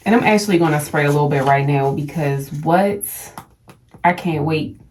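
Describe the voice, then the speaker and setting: A young woman vlogging a perfume unboxing, gushing and excited, stumbling over brand names. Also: sits low, moderate pace. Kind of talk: casual unboxing vlog. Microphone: phone.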